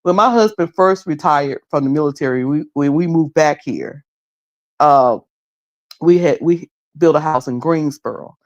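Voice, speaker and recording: A woman's voice: sits low, measured pace, no echo, highs cut off. A middle-aged woman from North Carolina with a Southern accent, casually chatting to her livestream viewers, repeating phrases and mimicking people as she goes. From High Point, North Carolina. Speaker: livestream host.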